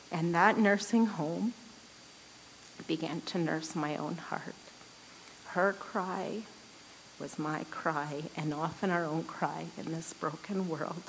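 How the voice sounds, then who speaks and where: Sharing a personal devotional story with a women's group, a woman speaks slowly and without hurry in a voice a little low for a woman. She is earnest and often slips into a soft laugh mid-sentence. The audio is poor, with slight background noise.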